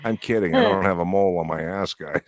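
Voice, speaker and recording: A man's voice: sits low, fast. A man co-hosting a casual livestream chat, joking and crude in a laid-back way.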